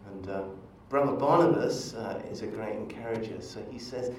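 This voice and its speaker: A man preaching a sermon in a church, relaxed and conversational, leading into stories with asides to the congregation. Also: lowish voice, normal speed, hardly any pauses, slight background noise. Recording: echoey church from far off.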